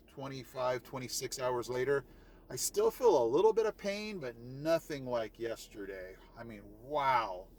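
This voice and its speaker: A man's voice: mid-range voice, slight background noise. Rambling man telling a story. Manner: rambling, many fillers and restarts. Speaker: vlogger. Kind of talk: casual storytelling to camera.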